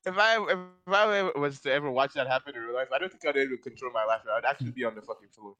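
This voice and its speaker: A man's voice: medium pitch, rapid-fire, bright, forceful tone, highs cut off. A young man co-hosting a casual podcast, teasing his friend with sarcastic banter. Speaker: podcast co-host. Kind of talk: casual chat.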